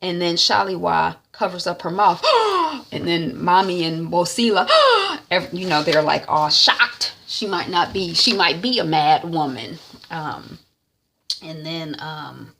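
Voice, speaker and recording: A woman's voice: on the low side, measured pace, creaky, pushed and bright, slight background noise. A woman hosting her own channel, chatting animatedly as she recaps a TV episode. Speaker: vlogger recapping a TV series. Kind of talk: casual recap.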